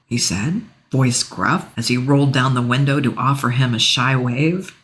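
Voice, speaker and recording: A woman narrating a first-person romance audiobook in an expressive, emotional reading. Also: extremely low pitch, normal speed, few pauses.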